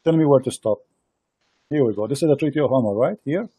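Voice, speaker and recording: A man hosting a heated online debate, insistent and repetitive, speaking halting non-native English into a computer mic. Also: medium pitch, expressive, dark tone, slightly rough, dry recording. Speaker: host of a live debate stream.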